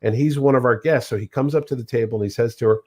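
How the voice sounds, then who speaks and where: A man's voice: mid-range voice, racing. A man casually telling convention stories on a podcast, acting out the voices of the people in them. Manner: animated, acts out quoted voices.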